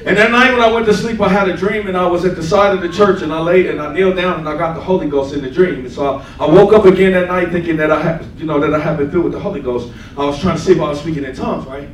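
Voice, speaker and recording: A man's voice: a little high, very fast, few pauses. A man preaching a sermon and telling his own testimony, acting out scenes and laughing as he goes. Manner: animated storyteller, acts out scenes, laughs often. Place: church sanctuary. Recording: echoey church, mic from a distance, faint room noise.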